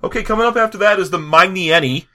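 A man's voice: sits high, fast, pushed and bright. A man co-hosting a casual chat about a tabletop game, joking and laughing often and restarting his sentences. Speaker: podcast co-host.

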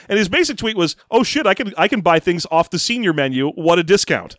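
A man's voice: on the high side, lively intonation, a little fast, hardly any pauses, fairly bright tone, no echo, studio quality. Wry man co-hosting a podcast. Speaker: podcast co-host reading listener questions. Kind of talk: casual comedic chat.

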